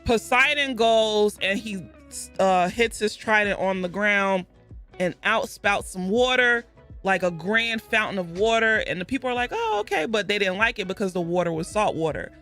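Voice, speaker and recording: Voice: medium pitch, normal speed, sharp tone, faint music behind. A video host giving a rambling, casual recap of a book, with asides and self-corrections.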